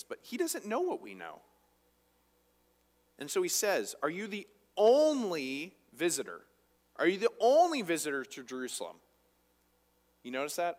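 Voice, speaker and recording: A man's voice: fairly high pitch, a bit bright. Male pastor, conversational sermon, rhetorical questions, long hall echo.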